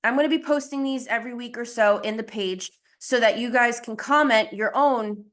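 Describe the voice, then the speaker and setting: A woman's voice: fairly high pitch, normal speed, a bit bright. A young adult woman hosting a video-call lesson, chatty and self-deprecating, a little out of breath. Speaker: coach hosting a group call. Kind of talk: casual live teaching call.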